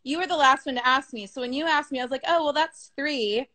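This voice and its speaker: Racing along in a high, bright, forceful voice with a steady tone, a business coach talks frankly in an interview. Her casual, chatty speech is sprinkled with "like," plenty of fillers, and the occasional curse.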